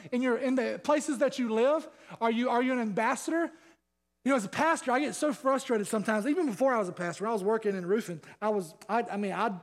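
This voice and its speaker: Fired-up high-voiced pastor preaching. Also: male voice. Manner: fired-up, repetitive, rhetorical questions. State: sweating. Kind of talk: sermon.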